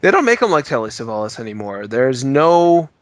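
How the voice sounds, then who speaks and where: A man's voice: medium pitch, big pitch swings, fairly quick, no room sound. A man hosting a podcast, musing in a rambling, mock-serious way during casual chat. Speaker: podcast host.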